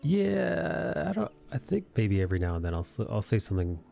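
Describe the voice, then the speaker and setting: New dude streaming, low and gravelly, reads chat out loud, cusses easy. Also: male voice, big pitch swings, brisk, faint music behind. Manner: loose, reads chat aloud, swears casually. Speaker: streaming artist hosting live chat. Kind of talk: casual chat while drawing.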